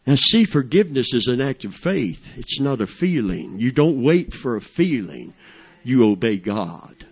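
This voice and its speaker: A man's voice: mid-range voice, sing-song, a little slow, slightly rough. An older man preaching a sermon in a fervent, folksy way, calling out praise as he teaches.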